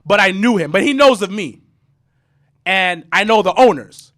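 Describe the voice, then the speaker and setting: A man in his thirties telling a story in casual podcast chat, animated and profane, with stammering restarts. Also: sits high, moderate pace. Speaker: podcast co-host.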